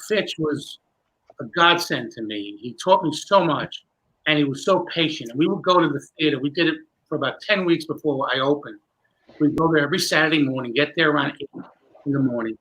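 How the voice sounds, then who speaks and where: A man, a magician guest, telling a long animated story with many restarts in a candid interview. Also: on the high side, rough recording.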